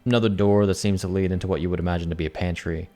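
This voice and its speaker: A man narrating as game master of a tabletop game, halting with many fillers, over faint music. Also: low voice, steady tone, warm tone.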